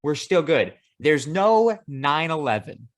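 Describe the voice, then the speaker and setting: A man co-hosting a podcast, telling a travel story in casual, profane chat with animated asides. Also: fairly high pitch, slow. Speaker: podcast co-host.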